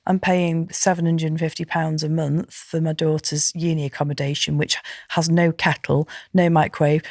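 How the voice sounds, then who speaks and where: A middle-aged woman talks as a guest in a conversational interview. Her voice sits low, and her telling is emphatic, animated and indignant. The sound is dry and close, with no room around it. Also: moderate pace, dry recording. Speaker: podcast guest, professional landlord.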